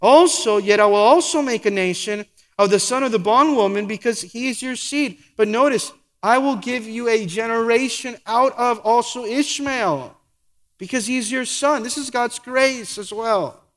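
Pastor guy preaching, high voice, big ringing church sound. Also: moderate pace, fairly bright tone, in a large hall. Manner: preaching with rhetorical questions and quoted asides. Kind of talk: sermon.

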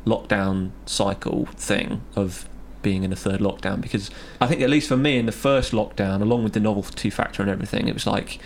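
A man's voice: lowish voice, brisk, gravelly, hardly any pauses, a little hiss or hum. A young man hosting a podcast, chatting easily about faith and often laughing. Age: young adult. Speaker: podcast host. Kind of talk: casual chat on faith.

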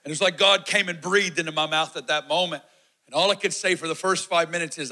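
A man in his forties preaching a sermon testimony, telling his story with animated energy and acting out the shouts and quotes. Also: on the high side, fast talker, poor audio.

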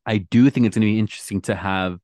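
A man's voice: fairly low pitch, quick pace, no room sound, clean studio sound. Chatty man gossiping about reality TV. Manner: chatty, animated retelling with quoted voices. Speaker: podcast co-host. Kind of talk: casual reality TV gossip chat.

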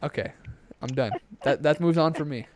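A man's voice: on the high side, moderate pace, crowd noise. A young man co-hosting a podcast, chatting casually and ranting with plenty of swearing, recorded on a headset. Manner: ranting, profane, animated. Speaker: podcast co-host.

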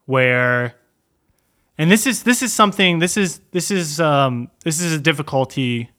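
Rambling young man, slightly high voice. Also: animated, measured pace, pushed and bright. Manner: rambling, repeats words, many fillers. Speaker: podcast co-host. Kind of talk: casual chat.

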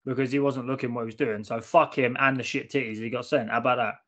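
A man's voice: mid-range voice, steady tone, fast, fairly bright tone. A man in casual podcast banter, blunt and sweary, often repeating himself. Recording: slightly dull lo-fi audio.

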